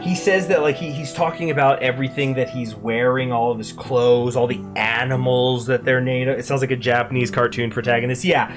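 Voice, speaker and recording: A man hosting a gaming channel, talking excitedly and rambling with many restarts while he plays a strategy game. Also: mid-range voice, brisk, hardly any pauses, over music. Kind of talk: live commentary while playing a strategy game.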